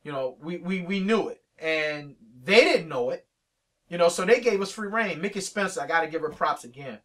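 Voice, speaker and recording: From Richmond, Virginia, a veteran hip-hop radio DJ tells stories as an interview guest, animatedly acting out both sides of old conversations. He speaks at normal speed in a voice on the high side, picked up by a distant mic.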